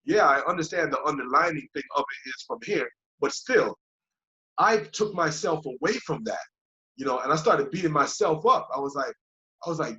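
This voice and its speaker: A man's voice: a little high, normal speed. A man guest chatting casually and reflectively, looping back with "you know what I mean" and acting out his old thoughts in quoted voices. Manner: loose and repetitive, often asks "you know what I mean"; acts out his own past thoughts in lively quoted voices. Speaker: podcast guest, yoga teacher. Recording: dull lo-fi podcast recording.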